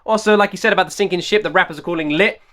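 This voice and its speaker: A man hosts a music reaction video. He talks quickly in a high, bright voice. He hammers his points home with repeated rhetorical questions. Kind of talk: excited music reaction commentary.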